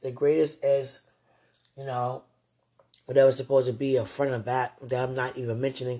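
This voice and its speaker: Soft-spoken husky man musing late at night. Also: medium pitch. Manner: rambling and tender, full of "you know". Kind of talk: late-night heartfelt faith talk.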